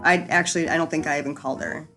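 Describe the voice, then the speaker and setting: A woman's voice: sits low, very fast, pushed and bright, soft background music. A young adult woman hosting a casual storytime chat, rambling and frank, with lots of fillers and easy swearing. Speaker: storyteller host.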